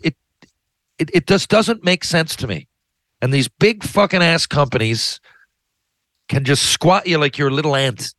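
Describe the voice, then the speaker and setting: A man's voice: mid-range voice, fairly bright tone, no room sound. A man in a heated, profane, rambling rant, often restarting his sentences. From Canada. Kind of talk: ranting monologue.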